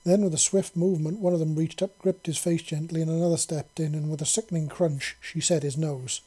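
A man's voice: on the high side, fairly even intonation, brisk, warm tone. A man reading a serialized story aloud in a casual, chatty way.

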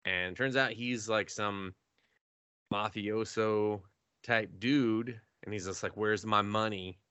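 A man co-hosting a podcast, casually retelling an anime episode with swearing, laughter and quick acted-out voices. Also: on the low side, clear, resonant tone, dry recording. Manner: animated storytelling with swearing and laughter, acting out characters. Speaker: podcast co-host.

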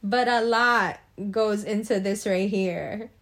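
A woman's voice: mid-range voice, fairly bright tone. A young adult woman talking casually to camera, laughing often and acting out people's reactions. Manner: laughs often, acts out reactions, drawn-out delivery. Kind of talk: casual monologue.

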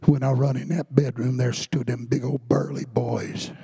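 A man preaching a fervent sermon in a church sanctuary, rising to shouts. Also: mid-range voice, flat delivery, normal speed, vocal fry, husky, no echo. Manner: fervent Southern-style preaching, building to shouts.

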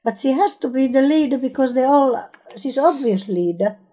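Enthusiastic woman with a mellow voice. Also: sits high, expressive, normal speed. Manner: enthusiastic, searching for words, non-native grammar. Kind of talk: casual chat about films.

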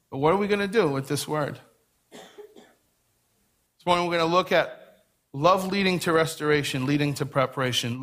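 A male pastor delivers an animated sermon in a high, bright voice. He slips into quoted voices to play out little scenes and doubles his words for emphasis.

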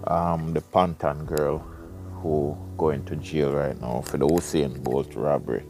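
A man reads a book aloud for his podcast, often drifting into chatty side remarks. His voice sits very low and has a gravelly rasp. Faint music plays softly behind him. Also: steady tone, measured pace. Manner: rambling, chatty asides. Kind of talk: casual reading with side commentary.

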